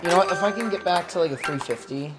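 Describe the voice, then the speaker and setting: A man's voice: sits high, quick pace, heavy background noise. A young man giving casual gameplay commentary, exasperated and swearing a lot as he groans and laughs at his misses. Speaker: gaming video creator. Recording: game music playing loudly under the voice. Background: game music.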